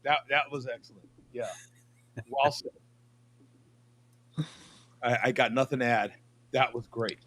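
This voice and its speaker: A man hosting a casual livestream chat, excitable and quick to laugh. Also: mid-range voice, noisy background. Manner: excitable, laughs often, restarts. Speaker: host.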